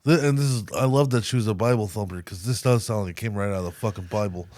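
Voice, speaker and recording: A man's voice: on the low side, quick pace, dry recording. A man co-hosting a podcast, telling a news story in casual, profane, joking chat. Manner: profane, animated storytelling with mock voices. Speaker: podcast co-host.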